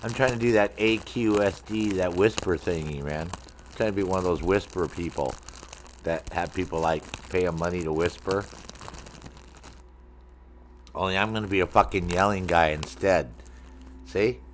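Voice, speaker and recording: A man's voice: sits low, normal speed, a little hiss or hum. A middle-aged man streaming a game, rambling and joking with his chat in a casual, profane way.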